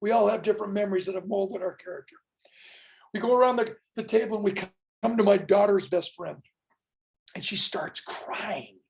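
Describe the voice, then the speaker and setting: A man's voice: high voice, normal speed, creaky, low-quality recording. A man in his sixties, a professional speaker, giving a motivational keynote with dramatic storytelling and punchy, emphatic lines. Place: event stage.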